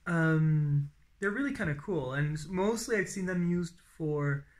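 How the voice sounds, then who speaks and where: A man's voice: a little high, lively intonation, a little slow. Rambling young man telling his day. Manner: rambling, with many fillers and restarts, acting out quoted exchanges. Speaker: traveler recording a daily diary. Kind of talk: casual spoken travel diary.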